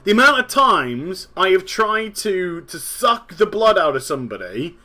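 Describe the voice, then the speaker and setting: A man in his thirties rants about a game in a casual, exasperated monologue. He swears freely, repeats himself and laughs at his own jokes. His voice is bright and sits a little high. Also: big pitch swings, measured pace, hardly any pauses. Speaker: gaming podcast host.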